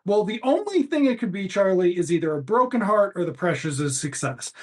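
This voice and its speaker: A man voicing a pompous male doctor from the nineties, lecturing in a slow, preachy, solemn way. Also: sits high, very animated, a little mellow.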